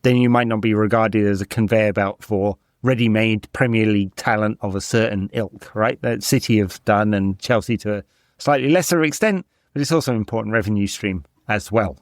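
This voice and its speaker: A man co-hosting a football podcast, animated, talking in bursts and tagging on "right?". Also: lowish voice, fairly quick, dry recording, clean studio sound. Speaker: podcast co-host. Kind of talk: casual football chat.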